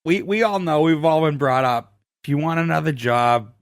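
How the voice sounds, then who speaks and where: A man's voice: a little high, animated, normal speed, dry recording. Blunt, teasing man with a dry sound. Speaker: podcast co-host. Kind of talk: casual podcast chat.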